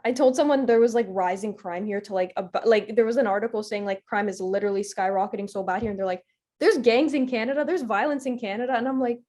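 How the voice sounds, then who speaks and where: A woman's voice: mid-range voice, mellow. A woman co-hosting a podcast discussion, chatty and full of fillers. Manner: chatty, quick filler-laden talk. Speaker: podcast co-host. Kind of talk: casual discussion.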